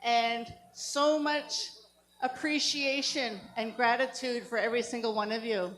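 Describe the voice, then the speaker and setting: A woman addresses a crowd outdoors with an upbeat, welcoming speech. Her voice sits high and bright in pitch. She leans on small fillers as she speaks. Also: steady tone, unhurried. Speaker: elected community leader welcoming guests. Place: outdoor powwow.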